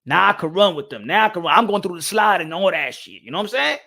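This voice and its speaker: A young man hosts a loose boxing live stream in a high, gravelly voice. He talks in slang, mixes English with Spanish and keeps breaking into excited, animated bursts. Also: quick pace. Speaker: boxing channel host. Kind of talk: casual live-stream talk.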